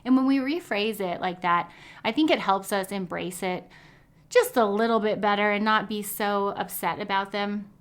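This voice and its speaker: A woman's voice: medium pitch, normal speed. A woman in her thirties, a dietitian hosting her own podcast, talking in an upbeat, chatty way and laughing easily. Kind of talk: casual podcast monologue.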